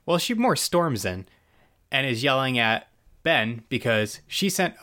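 A man's voice: medium pitch, expressive, measured pace, pushed and bright. A man in casual podcast chat, loosely retelling a TV episode with restarts and asides. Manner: loose, rambling storyteller with restarts. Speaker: podcast co-host.

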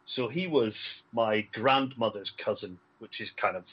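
Husky man on a dull line. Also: fairly low pitch, unhurried. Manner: friendly, chuckling often, agreeable. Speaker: podcast guest, relative of a war escapee. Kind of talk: casual chat.

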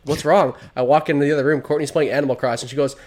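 A man's voice: medium pitch, fairly even intonation, darkish tone. A man co-hosting a movie podcast, talking enthusiastically in casual chat. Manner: enthusiastic, quick, laughs often. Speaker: podcast co-host.

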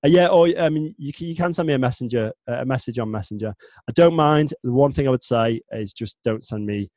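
A man's voice: medium pitch, brisk, darkish tone, dry recording. A man in his forties from the north of England with a Northern English accent, talking casually as an interview guest in a rambling way with many restarts. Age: 40s. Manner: chatty, rambling, frequent restarts and self-corrections. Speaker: guest, chatbot developer.

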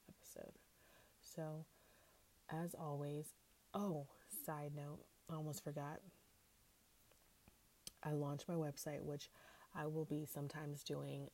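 A woman's voice: low voice, vocal fry, warm tone. A woman hosting a solo TV recap podcast, chatty and slangy, laughing often and sometimes dropping to a whisper. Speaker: podcast host.

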